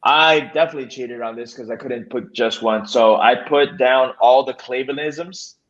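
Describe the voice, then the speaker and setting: A man's voice: mid-range voice, normal speed, a bit bright, dull audio. A man co-hosting a podcast in casual chat, enthusiastic and loose, swearing freely. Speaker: podcast co-host.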